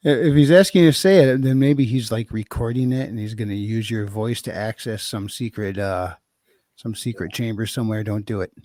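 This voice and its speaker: A man's voice: lowish voice, brisk, warm tone, no room sound, studio quality. A man telling easygoing, self-mocking anecdotes on a casual podcast panel. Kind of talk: casual storytelling.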